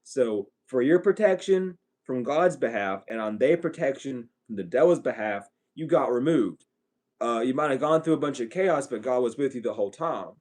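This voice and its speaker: A man's voice: medium pitch, lively intonation, moderate pace, darkish tone. A man giving a blunt, profane, ranting spiritual reading to his viewers as an online psychic reader.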